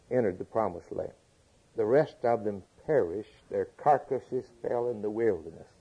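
A man's voice: medium pitch, breathy edge, phone-quality sound. A man preaching a sermon, asking rhetorical questions and repeating phrases for emphasis.

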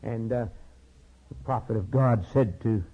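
A man preaching a sermon in a repetitive cadence, swinging between low murmurs and high, urgent cries. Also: a little slow, husky. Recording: dull lo-fi sermon recording.

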